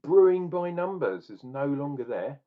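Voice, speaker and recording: A man's voice: a little high, big pitch swings, unhurried, phone-quality sound. A chatty middle-aged man from England reviewing a beer, rambling and joking in a casual tasting vlog. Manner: chatty, jokey, rambling asides.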